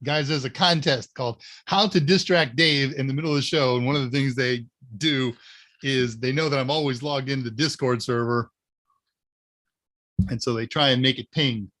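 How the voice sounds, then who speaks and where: A man's voice: mid-range voice, normal speed, fairly bright tone. A man hosting a live tech Q&A stream, chatting casually and answering viewer questions. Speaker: livestream Q&A host.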